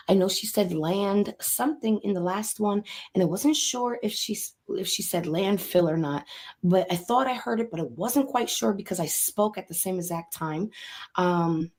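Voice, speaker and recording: Halting, emotional woman medium. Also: medium pitch, a little mellow. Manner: halting and emotional, many ums and pauses. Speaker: spirit box medium. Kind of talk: emotional spirit box session video.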